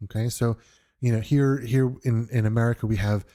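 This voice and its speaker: A man's voice: medium pitch, steady tone, brisk, mellow. A man from New York hosting a podcast, talking earnestly and reflectively in an unscripted monologue, often restarting his sentences. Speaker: podcast host.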